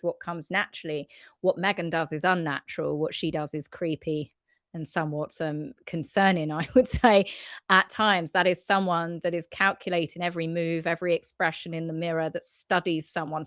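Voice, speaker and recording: A woman's voice: fairly low pitch, dry recording, studio quality. Opinionated woman chatting with a laugh. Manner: opinionated, laughs between remarks. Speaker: co-host. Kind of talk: casual chat.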